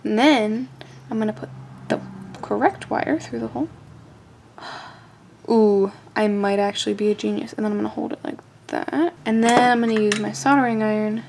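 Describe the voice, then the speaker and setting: A woman narrating a casual hands-on kit build, playful and self-joking, often laughing and dropping into a soft whisper as she works. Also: a little high, moderate pace, creaky, long pauses, slight background noise. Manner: often drops to a soft whisper while working. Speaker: amateur radio hobbyist building a kit.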